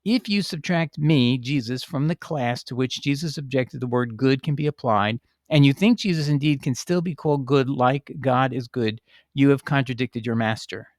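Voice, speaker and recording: A man's voice: medium pitch, normal speed, a little mellow, no echo, clean studio sound. A middle-aged man reading a letter aloud and arguing his point with emphasis and frequent restarts. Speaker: video host answering a viewer.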